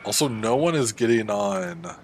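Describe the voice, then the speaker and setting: Playing a game live from his home standing desk, a man chats animatedly and answers viewers' messages in a casual way. He has a lowish voice at a moderate pace, with slight background noise and faint music underneath.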